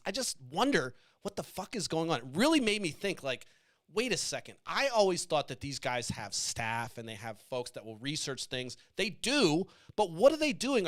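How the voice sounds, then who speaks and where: A man's voice: on the high side, fairly bright tone. A man hosting a political talk show, ranting bluntly with lots of swearing, restarts and rhetorical questions. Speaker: podcast host. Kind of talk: profane opinionated commentary.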